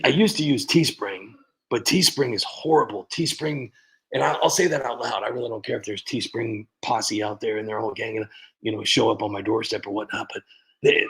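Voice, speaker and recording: Livestream host, male, gravelly and husky, rambling and halting, casual. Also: medium pitch, poor audio. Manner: rambling, halting, with many restarts and sighs. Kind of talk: casual livestream rant and chat greetings.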